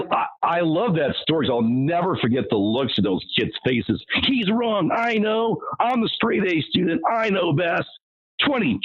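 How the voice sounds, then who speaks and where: A man as interview guest, telling stories in an animated way and acting out what people said. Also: mid-range voice, husky. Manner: animated, acts out quotes, frequent restarts. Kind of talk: casual storytelling interview. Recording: muffled lo-fi audio.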